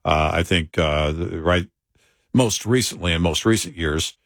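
Low-voiced man, hesitant co-host. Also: fairly bright tone, no room sound, clean studio sound. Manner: hesitant, measured, with many fillers. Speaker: talk show co-host. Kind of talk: casual political talk.

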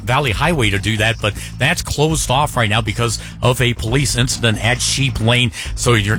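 A male traffic reporter giving a brisk radio traffic update with frequent "uh" fillers. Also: medium pitch, a bit bright.

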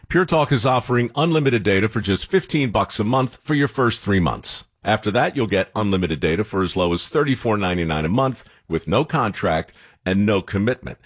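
A man giving a persuasive, emphatic sales pitch in a radio ad. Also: dry recording, studio quality. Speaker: ad announcer.

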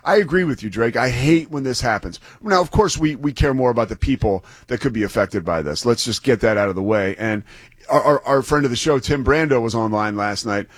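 A man's voice: mid-range voice, brisk, no room sound, studio quality. A man who is a sports broadcaster, chatting enthusiastically and loosely about a football game with some restarts. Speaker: sports broadcaster and guest analyst. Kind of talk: casual sports talk.

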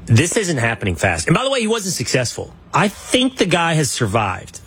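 A man hosting a political interview, telling stories in an animated, opinionated way. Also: on the high side, normal speed, breathy edge. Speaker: show host.

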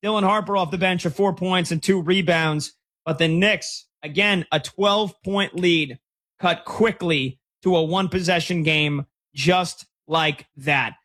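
A man hosting a sports talk show, reacting to a live game as it unfolds and reading texts from listeners. His voice sits high and sounds bright and forceful, and he gets excitable, sometimes rising to a shout. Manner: excitable, rapid, breaks into shouts. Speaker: sports radio host.

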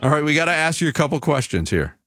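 Lively-voiced man radio host. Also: a little high, dry recording, clean studio sound, faint music behind. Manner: animated, chuckling, drawn-out reveals. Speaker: radio sports show host. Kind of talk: casual radio chat.

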